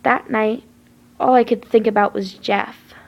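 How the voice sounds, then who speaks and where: Woman reader with a creaky voice, dramatic and tearful first-person storytelling. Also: fairly high pitch, fairly even intonation, measured pace, highs cut off.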